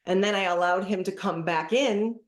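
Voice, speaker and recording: A woman's voice: medium pitch, moderate pace. A middle-aged woman, a parenting specialist guest, telling stories in casual interview chat. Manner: animated storytelling, acting out dialogues. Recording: echoey room.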